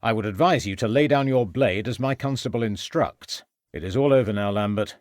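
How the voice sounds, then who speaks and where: A man voicing a calm, resolute police inspector in an audiobook, speaking in a measured, firm way. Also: lowish voice, dry recording, studio quality, lightly acted. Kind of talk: audiobook character voice.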